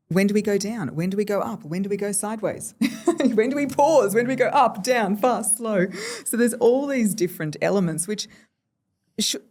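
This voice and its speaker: An Australian woman in a casual podcast interview, speaking as a voice coach and telling stories with playful shifts in her voice. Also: mid-range voice. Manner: animated storyteller, playful vocal shifts. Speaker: voice coach guest.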